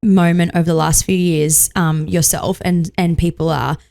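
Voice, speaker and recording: A woman hosting a casual podcast, her voice a touch lower than most. She talks in a supportive, reflective way, encouraging her guest. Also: steady tone, normal speed, vocal fry, dark tone. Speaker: podcast host. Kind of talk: casual interview chat.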